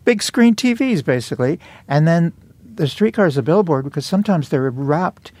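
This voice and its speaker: A male host in a studio, playful and chatty, quick to jump in. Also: a little high, lively intonation, a little mellow, no room sound. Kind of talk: casual studio talk.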